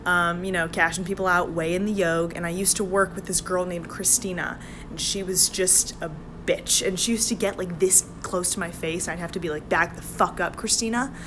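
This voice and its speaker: A young woman telling a casual story to camera, blunt and deadpan, swearing freely. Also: on the low side, brisk, noisy background.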